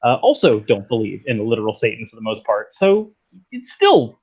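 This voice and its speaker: A man's voice: mid-range voice, wildly swooping pitch, brisk, a little mellow, slightly rough, dull audio. A man as a guest in a casual debate, speaking bluntly and emphatically.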